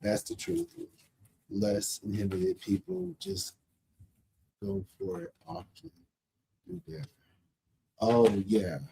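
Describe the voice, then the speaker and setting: A man's voice: lowish voice, huge pitch swings, slow, vocal fry, pauses often, warm tone, slight background noise. Candid, profane man reading tarot live. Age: 30s. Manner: talkative, repeats himself for emphasis; laughs often. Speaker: tarot reader hosting a live stream.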